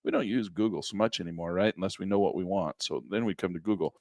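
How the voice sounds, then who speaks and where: A middle-aged man teaching a trading class while sharing his screen, often checking in with "all right?", a bit hoarse and clearing his throat. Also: sits low, quick pace, a little mellow, no room sound, clean studio sound. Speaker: trading instructor. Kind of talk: screen-share class walkthrough.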